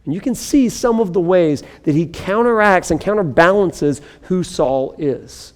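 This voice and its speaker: A man's voice: sits high, lively intonation, unhurried, a little mellow, big-room sound. A man preaching a sermon, reading scripture dramatically and breaking into casual asides to the congregation. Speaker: pastor.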